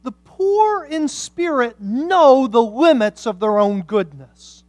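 Impassioned woman preacher, high voice. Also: animated, slow, no room sound. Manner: impassioned, swings from hushed to loud emphatic. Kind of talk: sermon.

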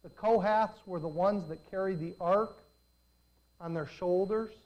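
A preacher giving a sermon, telling the story in an animated way full of rhetorical questions. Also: medium pitch, a little slow, low-quality recording.

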